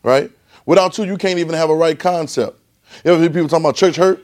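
A man's voice: fairly high pitch, fast, darkish tone. A male pastor preaching a sermon, leading the congregation in call-and-response and often repeating and restarting phrases.

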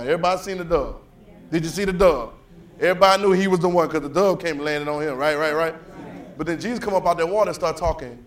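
Fast-talking fervent preacher man. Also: fairly high pitch, reverberant. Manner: calls out to the congregation, builds to loud fervor; casual, repetitive restarts. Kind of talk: sermon.

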